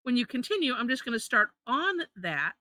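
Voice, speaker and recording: Woman, drawing teacher, chatty, restarts sentences, bright voice, fairly high, dry sound. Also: sing-song, a little fast, no echo. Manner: chatty, self-correcting, laughs often. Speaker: drawing instructor. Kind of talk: live online drawing lesson.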